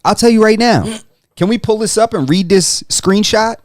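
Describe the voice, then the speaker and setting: Joking higher-voiced man on a podcast. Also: normal speed, dry recording. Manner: joking, animated, trash-talking. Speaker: podcast co-host. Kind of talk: casual banter.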